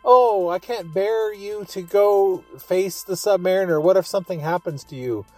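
A soft-spoken, sweet young woman with a breathy, fretful little voice, as a man puts her on. The pitch sits well above his own. Faint music plays behind. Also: normal speed, no room sound, lightly acted. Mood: mock-fretful.

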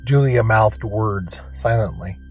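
A man narrating an audio drama in a measured, even storytelling manner. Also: lowish voice, soft background music.

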